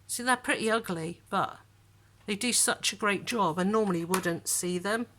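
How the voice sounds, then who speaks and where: A woman's voice: mid-range voice, moderate pace, fairly bright tone, slight background noise. A middle-aged woman from the south of England, chatting casually in a vlog at home and rambling with plenty of fillers and restarts. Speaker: vlogger.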